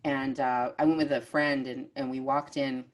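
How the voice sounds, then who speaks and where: Woman, low voice, from Maine, podcast host, casual rambling storyteller. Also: moderate pace. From Maine, USA. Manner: animated storyteller, many fillers and restarts. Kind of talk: casual chat.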